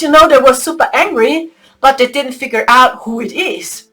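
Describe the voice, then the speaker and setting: A woman hosting a spiritual channel, telling a story with frequent laughter and excitable, whispered asides. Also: high-pitched, a little slow, noisy background.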